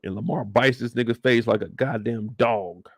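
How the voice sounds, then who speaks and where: A man's voice: medium pitch, normal speed, no room sound, studio quality. A man giving a casual, joking, profane breakdown of a TV episode. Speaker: show recap host.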